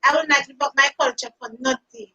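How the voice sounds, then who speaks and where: A Jamaican woman hosting a casual chat, telling stories in a lively, animated way. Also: sits high, a little fast, rough recording.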